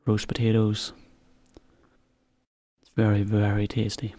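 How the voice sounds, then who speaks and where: A man teaching to learners, talking in a relaxed, chatty way with a laugh now and then. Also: lowish voice, unhurried, no room sound. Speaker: English teacher. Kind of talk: slow, clear explanation for learners.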